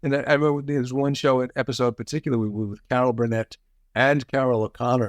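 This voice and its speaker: Lively storytelling man, dry close sound. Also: mid-range voice, fast, dry recording. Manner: lively storyteller, acts out quotes. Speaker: guest. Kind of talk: casual anecdote telling.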